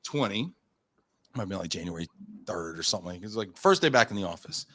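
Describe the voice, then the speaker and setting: A man in his thirties from the United States, telling a story as a podcast guest, animated and full of fillers, acting out his own quotes. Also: sits low, quick pace. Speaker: podcast guest, company founder. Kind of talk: casual storytelling in an interview.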